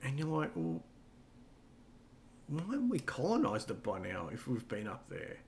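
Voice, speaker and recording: Casual podcast co-host, middle-aged man, mid-pitched, rambling and profane. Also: wildly swooping pitch, moderate pace, a little hiss or hum. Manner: rambling, swears freely, many fillers. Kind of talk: casual chat.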